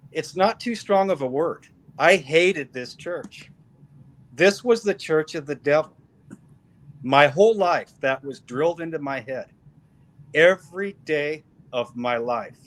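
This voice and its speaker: A man's voice: on the high side, expressive, takes it slowly, rough recording. A middle-aged man giving a personal faith testimony as an interview guest, telling it emphatically and repeating phrases for weight.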